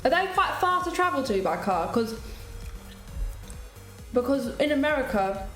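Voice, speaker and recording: A young British woman from the UK chatting casually on a cooking live stream, animated and laughing often as she eats and answers viewers. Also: high voice, measured pace. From United Kingdom. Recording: echoey room with faint music behind.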